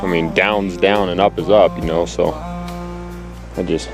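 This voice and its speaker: An unhurried man with a low voice and steady tone speaks over music. Breathless on a hunting trip, he addresses the camera in a casual, anxious, rambling vlog with lots of fillers. He's outdoors in a forest clear cut, with a handheld camera held close.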